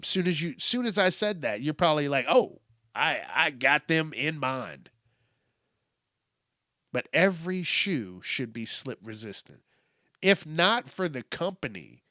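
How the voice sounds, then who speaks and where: A man's voice: a little high, sharp tone, no echo, clean studio sound. A man hosting his own podcast, rambling casually and profanely, amused at himself. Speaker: podcast host. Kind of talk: casual solo rant.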